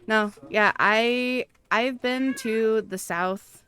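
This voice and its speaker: A woman from the Pacific Northwest, with the region's American accent, streams a game from a home room with a fan, chatting loosely with viewers and answering chat amid plenty of fillers and restarts. Her fairly high voice is extremely slow, bright, forceful, and clean, with faint music behind it.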